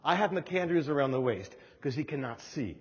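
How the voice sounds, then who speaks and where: A middle-aged man from New Jersey giving a humorous storytelling keynote speech, acting out voices with animated delivery. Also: a little high, moderate pace, slightly rough. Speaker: keynote speaker. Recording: dull hall recording with long reverb.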